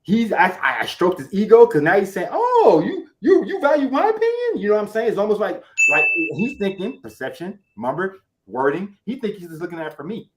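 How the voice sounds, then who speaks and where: A man with a high, fast voice talks in a rush of animated, emphatic motivation. His phrasing is slangy and streetwise, full of repeated catchphrases, as he speaks as a guest on an interview show. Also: a little hiss or hum. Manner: animated, emphatic, acts out quotes in other voices. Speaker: guest, network marketer.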